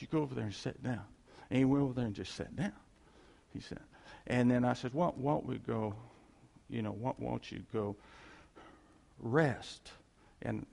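A man with a gravelly voice tells church stories to a congregation. He rambles and halts, chuckling between restarts, and his voice rings with the long reverb of a large hall. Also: mid-range voice. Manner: rambling, halting storytelling with chuckles. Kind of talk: informal testimony to a congregation.

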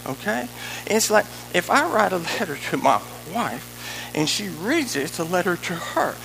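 High, gravelly, lively-voiced male preacher. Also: normal speed, a little hiss or hum, poor audio. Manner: animated, emphatic preaching, conversational asides. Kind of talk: sermon.

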